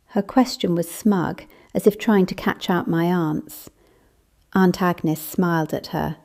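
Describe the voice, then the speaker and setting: A woman reads a cozy mystery audiobook in an even, measured way. Her voice sits low and dark, with a gravelly texture, and the delivery is calm and steady throughout. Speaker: audiobook narrator. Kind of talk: scripted narration.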